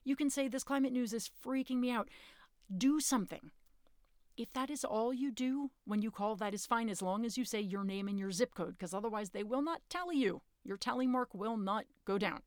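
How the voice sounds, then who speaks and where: Woman podcast host, urgent and earnest casual talk, middling pitch, dry close sound. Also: a little fast, hardly any pauses, no room sound. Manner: earnest, urgent, rises in pitch when emphatic; informal, occasionally curses.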